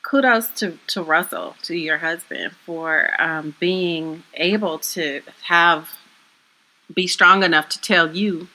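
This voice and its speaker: A woman's voice: on the low side, takes it slowly, pushed and bright, poor audio. A woman hosting a podcast interview, chatty and loose, with many fillers. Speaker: podcast host. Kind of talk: casual interview conversation.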